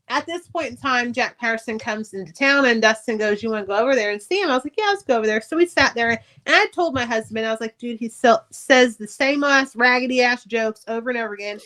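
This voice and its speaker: Profane, animated woman telling her story. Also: on the high side, a little fast. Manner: candid, profane, animated retelling. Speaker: podcast guest, author. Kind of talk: casual storytelling interview.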